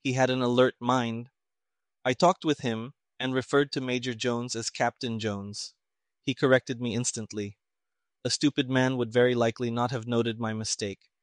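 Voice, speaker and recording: A man reading as a calm, shrewd detective. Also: medium pitch, no echo, studio quality, natural voice. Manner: quiet, measured, precise.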